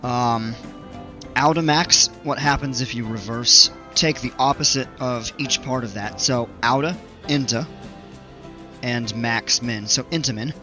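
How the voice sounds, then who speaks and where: A man giving casual commentary while playing a building game, thinking aloud with fillers, his voice a little hoarse. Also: medium pitch, takes it slowly, sharp tone, soft background music. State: slightly hoarse, regaining voice. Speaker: gaming video creator.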